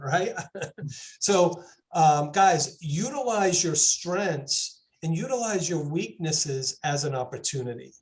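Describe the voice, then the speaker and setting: A male real estate agent telling a story in a halting way, full of restarts, during a casual group video call. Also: high-pitched.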